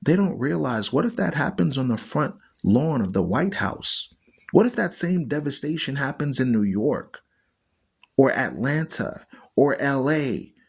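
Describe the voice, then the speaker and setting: A man's voice: fairly high pitch, husky. Emphatic preaching man. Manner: emphatic, repeats phrases for stress; preachy, argues with viewers. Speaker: host of an online Bible radio show. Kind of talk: livestreamed Bible teaching.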